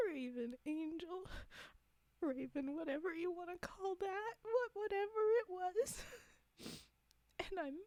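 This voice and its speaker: A woman's voice: extremely high pitch, a little slow, darkish tone, dry recording. A woman streamer chatting on a live stream, giggly and laughing so hard she cries, her talk slipping into breathless whispers. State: laughing to tears. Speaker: streamer reading stories. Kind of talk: casual live-stream chat.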